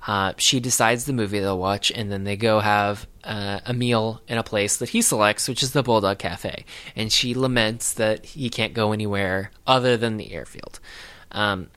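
A man's voice: fairly low pitch, steady tone, moderate pace, a bit bright, smooth. A man co-hosting a casual podcast, recapping a film in a rambling, hesitant way with lots of fillers and dry sarcasm. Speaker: podcast co-host.

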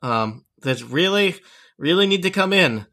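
A fretful little gnome who sells gems, as a man puts him on at the game table. He talks in a fussy, halting way, stumbling over his words, in a bright, slightly raised voice. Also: fairly high pitch, lively intonation, voice pushed up, full character voice. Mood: worried. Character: small male gnome gem merchant, fretful and polite.

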